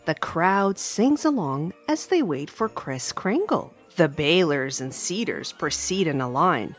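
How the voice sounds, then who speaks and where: Slow, animated woman reading a storybook. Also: deep voice, faint music behind. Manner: animated, expressive, warm-hearted. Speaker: children's story podcast host. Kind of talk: storybook read-aloud.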